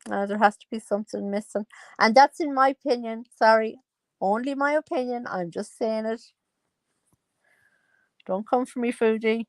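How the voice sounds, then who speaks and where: A woman in her thirties chats through her opinions, breaking into exclamations and laughs. Her voice has a gravelly edge. The sound is dry and close. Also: a little high, normal speed, pauses often, dry recording. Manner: gossipy, exclaims and laughs often. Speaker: commentary vlogger. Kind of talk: casual chat.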